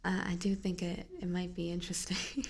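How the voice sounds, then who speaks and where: A young woman streaming ASMR on a binaural microphone, chatting in a soft whisper, rambling and giggling often. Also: on the low side, moderate pace, slightly rough. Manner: giggly, rambling with many fillers. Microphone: binaural ear microphone.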